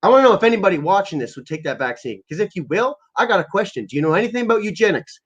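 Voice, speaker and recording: A man's voice: high voice, big pitch swings, very fast, slightly rough, dull audio. A man ranting live on a stream, swearing heavily in an aggressive, rambling way. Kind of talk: profane livestream rant.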